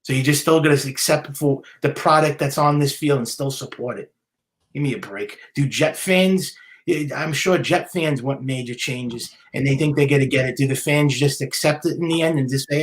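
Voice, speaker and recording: Speaking at normal speed with a medium-pitched voice, the host of a solo sports podcast launches into an indignant, scolding rant. He's heated and repetitive, tripping over himself with stammering restarts.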